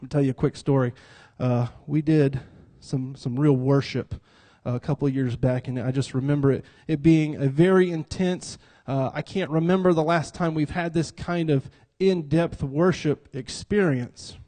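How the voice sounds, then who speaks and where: Joking preacher working the congregation. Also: male voice, fairly high pitch, steady tone, moderate pace, few pauses, warm tone. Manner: joking, self-described cut-up, calls for congregation responses. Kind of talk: interactive church sermon.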